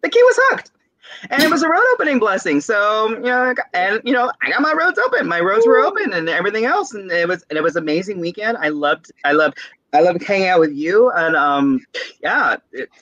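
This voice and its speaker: A man's voice: high voice, a little fast, no room sound, dull audio. A young man from San Diego, a tarot reader guest, telling a story in a casual interview and acting out voices. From San Diego, California. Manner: animated storyteller, acts out voices, laughs often.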